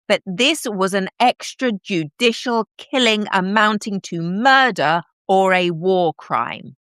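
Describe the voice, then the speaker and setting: Woman, live stream host, sarcastic, chatty, lower voice, dry. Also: a bit bright, dry recording. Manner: chatty, sarcastic, talks to viewers. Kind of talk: casual political commentary.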